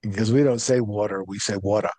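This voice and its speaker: A man's voice: on the low side, moderate pace, no room sound. A man with a Rhode Island accent interviews a guest in an earnest, admiring manner. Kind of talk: interview conversation.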